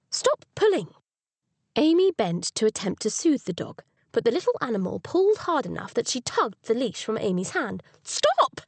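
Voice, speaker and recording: A woman reading a cozy mystery audiobook as narrator, with expressive storytelling on a close studio mic. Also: fairly high pitch, vocal fry, dry recording. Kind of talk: scripted narration.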